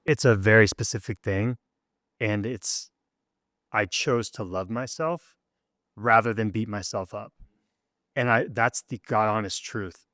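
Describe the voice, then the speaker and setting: A man with a low, dry voice tells a personal story as a guest in a studio interview. He is earnest and gets animated as the story builds. The sound is close and free of room echo. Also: unhurried, pauses often.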